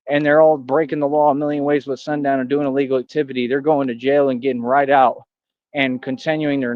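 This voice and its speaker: A man's voice: mid-range voice, a little mellow, dry recording, muffled recording. A man in a rambling livestream rant, boastful and combative, talking straight at his critics. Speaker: streamer.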